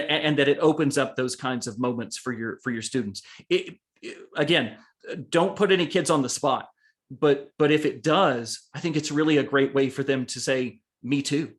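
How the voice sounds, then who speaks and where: A man's voice: mid-range voice, moderate pace. A man, an author, talking earnestly about his book in an online session, with frequent restarts. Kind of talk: online talk and Q&A. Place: home, on a video call. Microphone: video call microphone.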